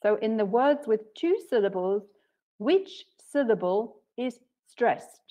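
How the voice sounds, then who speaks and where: A woman training English teachers in an online session, explaining patiently and clearly with frequent "okay"s. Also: fairly high pitch, lively intonation, slow pace, warm tone, muffled recording. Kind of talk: webinar teaching talk.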